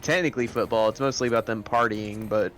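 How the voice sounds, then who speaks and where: A man's voice: on the low side, fairly even intonation, quick pace, fairly bright tone, faint music behind. A man in casual gaming chat, rambling through a story and acting out the quoted lines. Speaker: gaming stream co-player.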